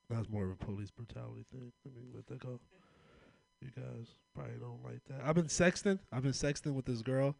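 Young male comic from Oakland, loose rambling delivery, middle pitch, dry close sound. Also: fairly quick, vocal fry, darkish tone, no echo. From Oakland, California. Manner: loose, rambling storytelling with frequent laughs. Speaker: stand-up comedian. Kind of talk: stand-up comedy set.

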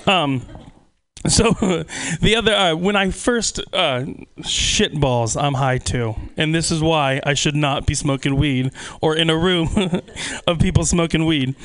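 A man's voice: on the high side, unhurried, fairly bright tone, clear, resonant tone. A man in his twenties doing a stand-up comedy set in a small club, profane and self-deprecating, laughing at his own jokes. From California.

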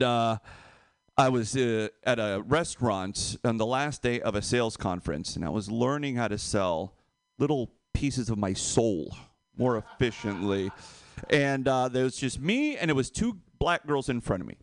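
A man doing a stand-up comedy set, animated and laughing at his own jokes. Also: mid-range voice, moderate pace, dry recording, clean studio sound.

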